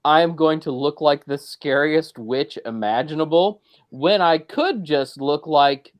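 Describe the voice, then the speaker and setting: A man's voice: fairly high pitch, a little slow, natural voice. A sly, scheming witch, as a man puts her on, confiding her plan to lure children in a lightly raised, mock-secretive voice. It stays close to an ordinary speaking voice. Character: scheming witch luring children, adult woman.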